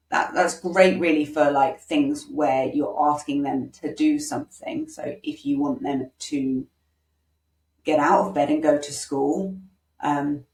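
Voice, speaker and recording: A woman's voice: deep voice, a little mellow. A woman coaching parents in a casual online workshop, talking conversationally with many ums and acting out example phrases to say to children. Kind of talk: informal online workshop teaching. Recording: roomy, distant from mic.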